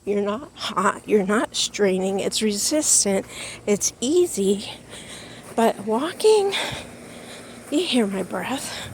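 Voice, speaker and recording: Woman, out of breath, slow folksy walk-and-talk vlog outdoors. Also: medium pitch, lively intonation, slight background noise. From United States. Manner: chatty, folksy, talks to viewers as y'all. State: out of breath from walking. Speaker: vlogger. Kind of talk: casual vlog chat while walking. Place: outdoors in a backyard.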